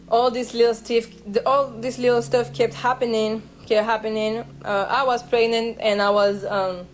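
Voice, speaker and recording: A young woman from France, telling a personal story in a vlog in an emotional, halting way with many restarts. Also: medium pitch, poor audio. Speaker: vlogger.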